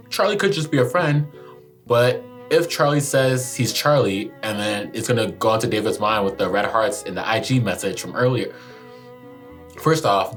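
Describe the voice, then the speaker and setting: A man hosting a YouTube reaction video, animated and emotional, talking back to the screen. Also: on the low side. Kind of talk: casual reaction commentary.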